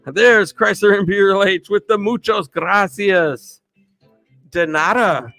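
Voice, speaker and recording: Guy hosting a live stream, slow easygoing shout-outs, bit of a high voice. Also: gravelly, no echo, faint music behind. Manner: upbeat, greets viewers by name, laughs often.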